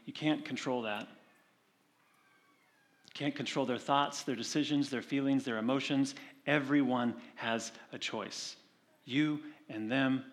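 Man preaching in a conversational way. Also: medium pitch. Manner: conversational preaching with animated retold stories; slows and softens for scripture reading. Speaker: pastor. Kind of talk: sermon.

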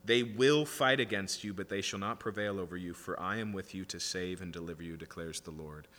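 Speaking briskly in a deep voice with a fairly bright tone, a man gives a sermon in a large hall, where a little hiss or hum can be heard. He reads scripture aloud and teaches from it conversationally, often adding "right?"

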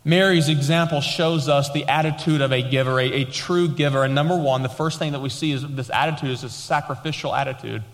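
Male pastor, sermon delivery: emphatic, slows and lifts for key points, reads scripture lower; long hall reverb. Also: fairly even intonation. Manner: emphatic preaching, slowing and rising for stress.

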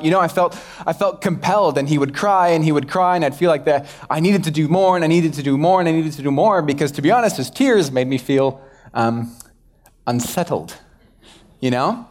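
A man's voice: fairly high pitch, a little fast, darkish tone. A young man, a pastor, giving a casual, self-deprecating sermon and acting out quoted exchanges. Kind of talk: conversational sermon.

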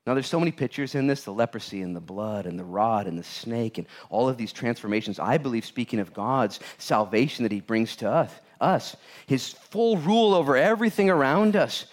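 A man's voice: mid-range voice, fairly quick, few pauses. A man preaching a sermon as a pastor, telling stories with acted-out voices and jokes. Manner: animated storytelling, acts out voices of characters; jokey, laughs at own jokes.

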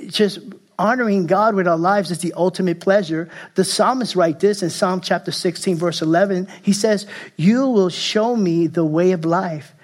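A man preaching a sermon as pastor, emphatic and repetitive, often restarting phrases and sometimes dropping to a soft, intense tone. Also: sits high. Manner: repeats and restarts phrases, emphatic, jokes at himself.

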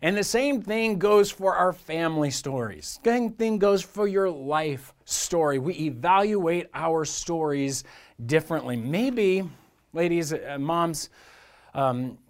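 A middle-aged pastor delivers a relaxed sermon and talks to his listeners like old friends. His voice sits a little high for a man. He is folksy, playful and conversational. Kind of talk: casual storytelling sermon.

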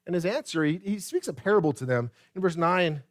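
A man's voice: fairly high pitch, expressive, a little fast, dry recording, studio quality. A man preaching a sermon as pastor, speaking straight to the congregation with rhetorical questions and repeated phrases. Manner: addresses the congregation directly.

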